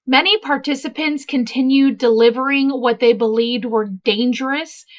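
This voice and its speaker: Bright high-voiced woman host. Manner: chatty, digressive, emphatic. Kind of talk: casual true-crime commentary.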